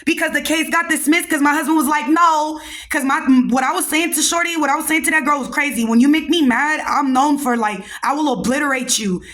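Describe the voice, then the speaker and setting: A young woman hosting a podcast, telling a story in a casual, animated and slangy way and talking straight to her listeners. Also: high-pitched, fast talker, hardly any pauses. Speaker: podcast host.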